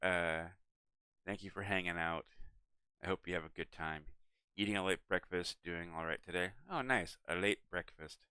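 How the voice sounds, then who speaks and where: A young man streaming a game, chatting to viewers in a relaxed, rambling way and yawning now and then. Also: deep voice, normal speed, clean tone, no room sound. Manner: relaxed, rambling, talks to chat and his cat. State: yawning, tired. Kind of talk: casual live-stream chat.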